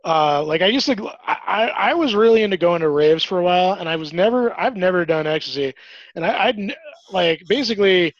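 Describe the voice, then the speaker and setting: A man in casual chat, speaking haltingly and saying "like" a lot. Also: sits high, lively intonation, no room sound. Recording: dry, dull lo-fi sound.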